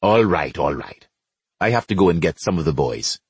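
A man voicing a bossy, sarcastic Trinidadian neighbor who scolds loudly. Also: low voice, animated, moderate pace, slightly rough, no room sound, voice pushed down. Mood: hurt. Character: gruff, loud grown man, bossy neighbor.

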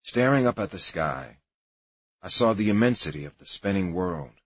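A man with a husky, slightly low voice tells his story plainly and confessionally. The sound is dry and a bit dull, like a lo-fi recording. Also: lively intonation, normal speed, dry recording. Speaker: narrator of his memoir. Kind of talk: memoir narration mixed with archival comedy clips.

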